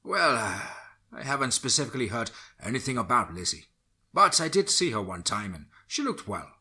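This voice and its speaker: A man voicing a kindly village priest who speaks gently and reassuringly. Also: medium pitch, big pitch swings, moderate pace, husky, exaggerated voice.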